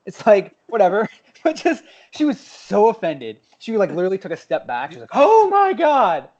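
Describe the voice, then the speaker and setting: Male podcast co-host, animated storyteller, a bit high, muffled home recording. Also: fairly quick. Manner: animated storytelling, swearing, laughing. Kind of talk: casual chat. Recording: dull lo-fi podcast audio.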